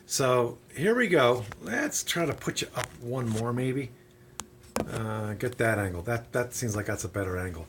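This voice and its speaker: A chatty, folksy middle-aged man talks viewers through his home workshop in a lively, up-and-down voice. The phone recording rings with the room's echo, with a faint hiss underneath. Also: mid-range voice, unhurried. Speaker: woodworking channel host. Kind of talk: casual how-to demonstration. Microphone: phone camera.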